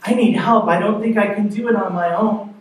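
A man's voice: sits high, steady tone, brisk, voice pushed up, close to an everyday voice. A man voicing a small girl who meekly asks for help and apologizes. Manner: meek, pleading. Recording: echoey sanctuary, mic far off.

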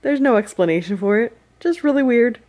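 A woman's voice: on the high side, animated, fairly quick, a little mellow. Chatty woman in her thirties vlogging. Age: 30s. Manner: chatty, laughs often, talks to her dogs. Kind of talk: casual vlog chat. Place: at home indoors.

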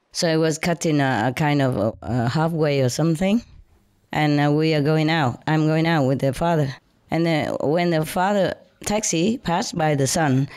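Animated woman with broken English. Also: low-pitched, dry recording, clean studio sound. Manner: non-native English with broken grammar; animated, laughs often while telling. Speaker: storyteller. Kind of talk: casual anecdote told to listeners.

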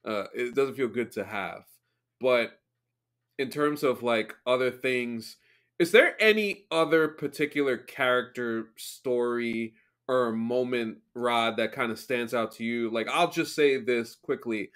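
Man, podcast host, bright tone, enthusiastic, halting casual chat. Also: medium pitch.

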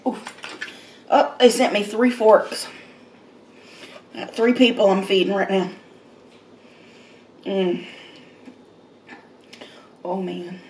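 A woman chatting casually through an eating vlog, relaxed and laughing often as she eats. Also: mid-range voice, reverberant, a little hiss or hum. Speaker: mukbang vlogger. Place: home, eating at a table.

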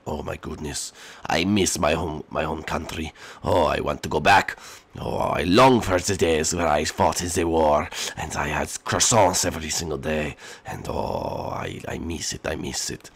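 A man's voice: very deep voice, moderate pace, creaky, breathy edge, voice pushed down, heavily acted. A man voicing a homesick male turtle soldier, sighing wistfully. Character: homesick old French turtle soldier, dreamy.

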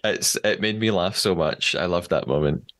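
A man hosting a podcast, interviewing a guest in a friendly, attentive way with soft filler words. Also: low voice, moderate pace. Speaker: podcast host.

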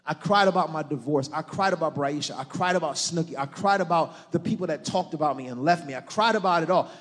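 A man preaching as a pastor in a church, telling a story in a hushed murmur and then building to loud, rousing preaching. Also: on the high side, quick pace. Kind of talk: sermon. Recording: long reverb of a church hall.

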